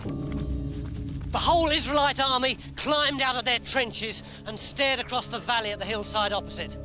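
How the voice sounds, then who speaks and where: A man reading a children's tale in a lively, playful way. His voice sits very high for a man. Music runs under the narration. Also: normal speed. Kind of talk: storybook narration.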